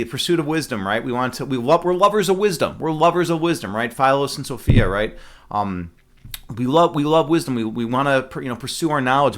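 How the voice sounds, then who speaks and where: A man's voice: mid-range voice, a bit bright. Rambling male streamer reading chat. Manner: rambling, many fillers and restarts; laughs at his own jokes. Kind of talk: casual chat with live chat.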